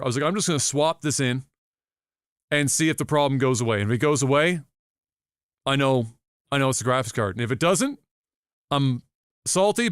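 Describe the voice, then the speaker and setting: A man's voice: fairly high pitch, smooth, no echo, clean studio sound. A man co-hosting a podcast, telling a story casually with lots of swearing and acted-out reactions. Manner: animated, profane, acts out his own reactions. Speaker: podcast co-host.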